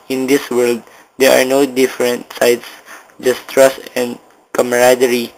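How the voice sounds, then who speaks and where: A young man reads a story aloud for a school project, his voice held flat and even with a gravelly fry underneath. He moves haltingly, stumbling now and then and restarting a word. A faint background noise sits under the reading. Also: mid-range voice, low-quality recording. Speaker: student reader.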